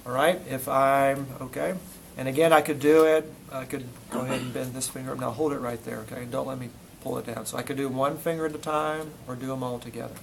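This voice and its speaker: A man's voice: mid-range voice, little pitch movement, fast talker, vocal fry, slight background noise, low-quality recording. A male instructor teaching a classroom lesson, quizzing students as he demonstrates muscle testing on a volunteer. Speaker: physical therapy instructor.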